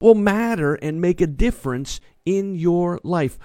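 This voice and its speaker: A man's voice: high-pitched, expressive, measured pace, hardly any pauses, warm tone, dry recording. A man preaching a sermon as pastor from a small studio, emphatic and repetitive, often calling out to his listeners. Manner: emphatic, repeats key phrases, calls on listeners.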